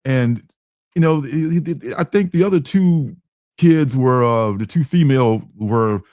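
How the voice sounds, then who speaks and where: Male livestream host, relaxed and rambling; dry, close sound with a mid-range voice. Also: medium pitch, measured pace, no echo. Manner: loose, hesitant and meandering. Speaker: comic book reviewer and livestream host. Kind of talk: casual livestream chat.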